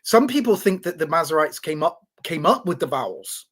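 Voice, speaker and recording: A man's voice: on the high side, very animated, brisk, a bit bright. A man in a casual talk, explaining in a teaching tone with many restarts and repeated words, checking in with "right?". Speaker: podcast host.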